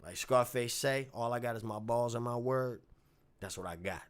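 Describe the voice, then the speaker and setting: A man telling a story from his gigs in a casual vlog, swinging from low muttering to loud outbursts. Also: normal speed. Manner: animated, swings from muttering to shouting. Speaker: bass player telling a story.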